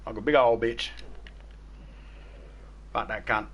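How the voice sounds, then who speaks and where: Australian man, game streamer, casual chat, crude and swearing, bright tense voice. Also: mid-range voice, steady tone, slow pace, lo-fi sound. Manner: crude, swears heavily, tells stories. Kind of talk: casual chat while gaming.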